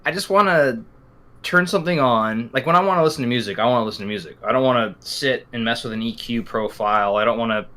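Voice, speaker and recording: Easygoing guy chatting, bright forceful voice, keeps agreeing, pokes fun at himself. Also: mid-range voice, fast. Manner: agreeable, lots of backchannel, self-deprecating. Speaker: podcast co-host. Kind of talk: casual chat.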